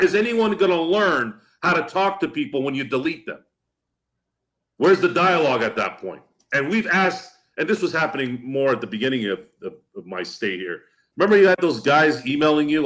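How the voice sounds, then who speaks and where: A man's voice: medium pitch, animated, normal speed, pushed and bright. A man co-hosting a sports podcast, ranting bluntly and with profanity, repeating himself as he gets worked up. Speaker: podcast co-host. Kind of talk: heated casual podcast rant.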